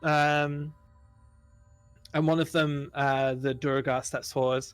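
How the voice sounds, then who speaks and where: A man's voice: a little high, flat delivery, slow, clean tone, dry recording, faint music behind. A man running a tabletop game as game master, narrating in a rambling way full of fillers.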